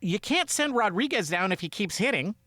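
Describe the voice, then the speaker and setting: A man co-hosting a sports podcast with his brother, talking in a rambling, animated way and often acting out quotes. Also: high voice, brisk, no echo. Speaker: podcast co-host. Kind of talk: casual sports chat.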